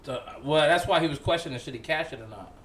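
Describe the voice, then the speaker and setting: A man hosting a casual podcast chat with friends, loud and laughing, hyping up the intro. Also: a little high, quick pace. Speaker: podcast host. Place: small home-built podcast studio. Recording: roomy studio, mic set back, faint room noise.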